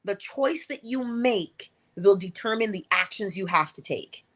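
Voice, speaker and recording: A woman's voice: medium pitch, expressive, measured pace. A woman speaks to her listeners in a motivational livestream talk. She is earnest and coaching, and she repeats her key phrases to press them home. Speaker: inspirational speaker.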